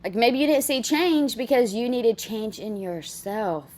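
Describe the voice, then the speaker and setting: A woman's voice: fairly high pitch, lively intonation, unhurried, a little mellow. A woman chatting casually as she reacts to a video clip, exclaiming and laughing between remarks.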